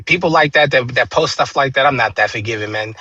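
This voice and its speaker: A man's voice: medium pitch, quick pace, sharp tone, no room sound, dull audio. A man talking politics in an emphatic, profane way, stumbling over restarts before landing his point. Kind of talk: casual political chat.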